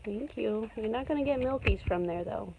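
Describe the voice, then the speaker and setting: A woman's voice: on the high side, expressive, moderate pace. A woman talking to her puppies on a phone camera in sing-song baby talk, at times dropping to a whisper. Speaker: dog breeder filming her puppies. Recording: tinny phone-like audio with clear background noise.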